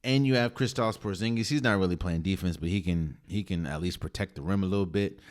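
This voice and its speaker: A man's voice: deep voice, a little mellow. A man hosting a podcast, talking casually and emphatically as he ranks basketball teams with firm conviction. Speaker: podcast host. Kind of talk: casual sports opinion monologue.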